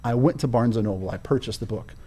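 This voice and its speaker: A man's voice: medium pitch, fast, mellow, husky. A man telling his own story as a guest in an interview, emphatic and stressing key words in a preaching cadence. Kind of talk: personal storytelling in a conversation.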